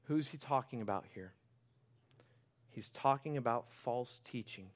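A pastor preaching a sermon to his church, passionate, moving from quiet, intimate moments to loud, fervent exhortation. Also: medium pitch, measured pace.

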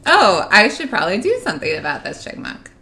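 A young woman co-hosting a casual chat, chiming in with teasing, dry remarks. Her bright voice bounces lively up and down. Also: mid-range voice, brisk. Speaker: podcast co-host.

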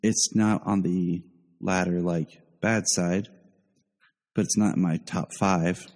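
A deep-voiced man hosting a casual podcast, talking through his opinions with easy repeats. His tone is dark and mellow. The voice carries a long reverb tail, as if recorded in a big room. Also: steady tone, slow pace. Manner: opinionated, thinks aloud with repeats. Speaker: podcast host.

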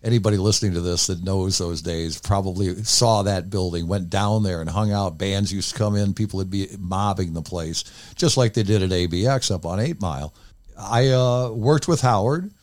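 A man's voice: deep voice, normal speed, no echo. Older man rambling through candid stories. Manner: rambling, candid, with many asides. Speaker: former radio DJ, guest. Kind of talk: casual storytelling interview.

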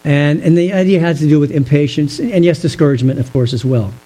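A man preaching a sermon, explaining a Bible passage in a measured way and asking the listeners rhetorical questions. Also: fairly high pitch, mellow, poor audio. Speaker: pastor.

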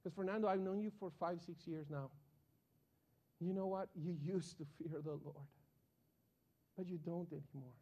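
A man voicing a calm, gentle male pastor who gives counsel in a soft-spoken, measured way. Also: a little high, lo-fi sound. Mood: gentle, grave.

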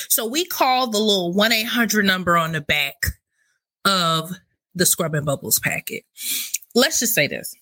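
Woman, comic storyteller; higher voice, very animated delivery. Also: poor audio. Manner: animated, drawn-out emphatic delivery.

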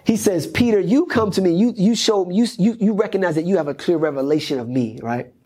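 Husky-voiced pastor preaching. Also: male voice, high-pitched, fairly quick, warm tone. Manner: repetitive, emphatic preaching cadence. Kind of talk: sermon. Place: church.

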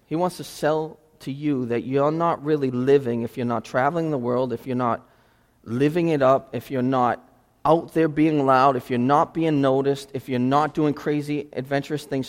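A man preaching a sermon as a pastor, animated, shifting between quiet reflection and loud emphasis. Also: mid-range voice. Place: church sanctuary. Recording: long hall reverb in a church.

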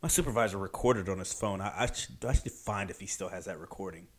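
Man, low voice, casual animated storyteller; emphatic, acts out the people he quotes. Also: quick pace. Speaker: podcast storyteller.

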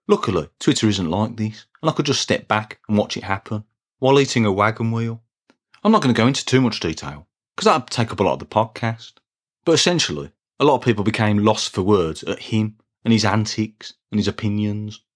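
A man with a Birmingham accent hosting a podcast, talking in a dry, deadpan way in a scripted monologue. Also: on the low side. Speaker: podcast host.

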